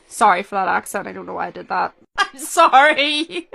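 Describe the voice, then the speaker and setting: A young woman vlogger reacting to a rewatch in casual, chatty commentary. She is excitable and opinionated, and her sentences restart and interrupt themselves. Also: mid-range voice, gravelly. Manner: excitable, talks fast with restarts and self-interruptions; opinionated, emotional fan.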